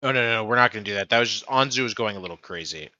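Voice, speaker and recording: A man's voice: on the low side, very fast, sharp tone, dry recording, dull audio. A man chatting casually as a player in a tabletop game, joking, laughing often and swearing freely.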